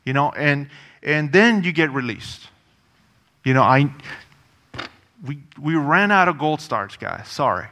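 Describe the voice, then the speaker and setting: A man delivering a sermon with a bright, forceful voice sitting a little high for a man. He talks conversationally but with punch, repeating phrases and tossing in casual asides. His voice carries a long reverb, as if in a large hall. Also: animated, a little slow. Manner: conversational and emphatic, with frequent asides and repetition. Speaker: preacher.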